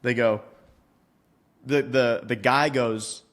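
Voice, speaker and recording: A man's voice: medium pitch, fairly even intonation, slow pace, fairly bright tone. A male fitness coach in a profane, mock-outraged comedic rant, swearing constantly.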